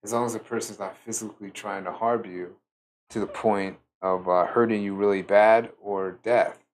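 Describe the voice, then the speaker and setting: Low-voiced man musing on self-worth. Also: fairly even intonation. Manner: slow, musing, with many fillers. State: tired. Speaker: spiritual teacher. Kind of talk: reflective solo talk.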